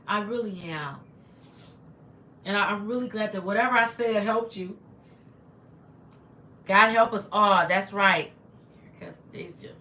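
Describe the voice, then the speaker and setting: In an echoey room with a faint hiss or hum, a woman with a mid-range, bright, forceful voice runs a casual livestream. She reads comments from viewers and thanks them repeatedly, sounding slightly congested.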